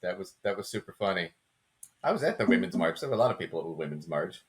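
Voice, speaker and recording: A man's voice: sits low, sing-song, fast. A man hosting a reaction show, commenting on clips in a dry, mocking tone. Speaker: commentary host.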